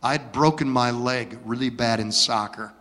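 A man from Michigan telling stories from his childhood as a preacher, dramatic and swinging from hushed to loud. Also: medium pitch, measured pace. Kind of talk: storytelling sermon. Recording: long hall reverb.

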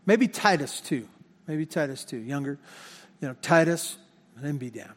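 Pastor preaching with high voice in hall. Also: male voice, animated, moderate pace. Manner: conversational, self-correcting, repeats words. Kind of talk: sermon. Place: church sanctuary. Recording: long hall reverb.

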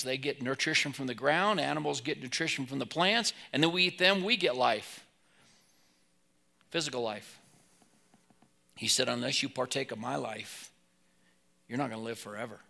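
A man preaching a sermon, telling Bible stories and swinging between loud emphasis and soft asides. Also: a little high, measured pace, vocal fry, pauses often. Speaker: pastor.

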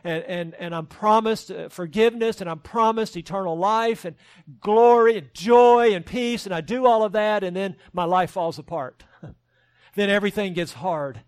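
A man preaches with earnest emphasis, his voice sitting high. He mixes conviction with self-deprecating asides. The sound is dry and close. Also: moderate pace, clear, resonant tone, dry recording. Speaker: pastor. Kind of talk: sermon.

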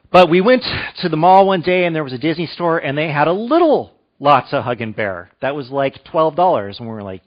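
Guy preaching, fairly high voice, chatty, keeps asking the crowd questions, kinda muffled recording. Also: very animated, brisk, few pauses. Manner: conversational, asks the room questions. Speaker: pastor. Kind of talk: sermon.

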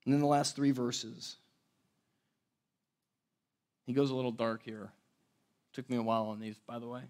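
A man's voice: medium pitch, fairly even intonation, moderate pace, long pauses, darkish tone. A man pastor giving a conversational sermon, with chuckling asides and frequent restarts. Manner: conversational, laughing asides, repeats words.

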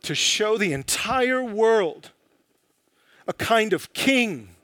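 A man preaching a sermon in a dramatic, emphatic way, often dropping low and slow for quotations. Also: bright, forceful tone, no room sound.

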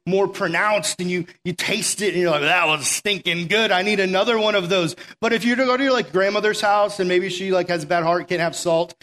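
A man with a high, light voice delivers a relaxed, conversational sermon. He talks like a friend, animated, drawing out key words for emphasis. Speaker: preacher. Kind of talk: casual sermon.

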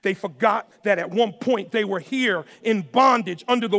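A high-voiced male pastor with a gravelly rasp preaches a sermon in a reverberant hall. He shouts emphatic lines, then drops to low, quiet asides. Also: normal speed. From New York or New Jersey area.

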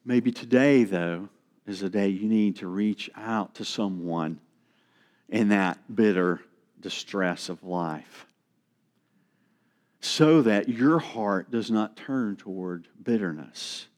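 A middle-aged man preaching a sermon, slow and earnest, dropping to a hush for emphasis. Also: on the low side. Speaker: pastor.

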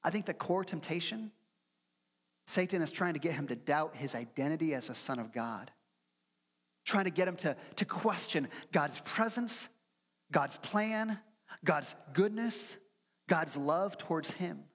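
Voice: mid-range voice, lively intonation, a little slow, breathy edge. Preacher in a reverberant church. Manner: earnest teaching with acted-out quotes and rhetorical questions. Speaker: pastor. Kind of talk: sermon. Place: church sanctuary. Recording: long hall reverb.

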